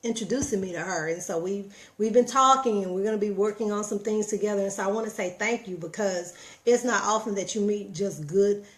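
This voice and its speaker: A middle-aged woman giving a folksy, preachy motivational talk with animated storytelling. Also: mid-range voice, a little fast. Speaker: motivational vlogger.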